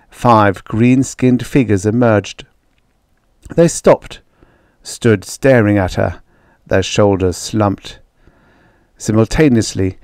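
A man's voice: fairly low pitch, darkish tone, no room sound, studio quality. A man narrating a vintage science fiction story as an audiobook reader. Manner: slow, measured reading. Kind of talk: scripted narration.

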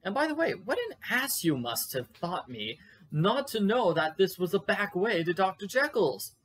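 A man reading the part of a brisk Victorian gentleman in a storybook reading. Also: sits high, very animated, pitched above the performer's own voice, full character voice.

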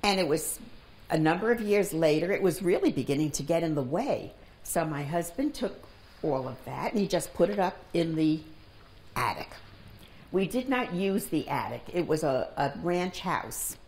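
A woman in her nineties recalls her family in a calm, deliberate manner. Her voice sits very low. She was recorded in a library reading room. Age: 90s. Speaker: interviewee. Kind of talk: storytelling in an oral history interview.

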